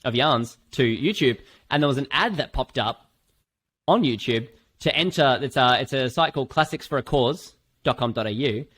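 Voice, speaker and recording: Australian male podcast host, mid pitch, loose rambling delivery, swears freely. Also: moderate pace, breathy edge. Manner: rambling, animated, frequent swearing and fillers. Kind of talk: casual podcast chat.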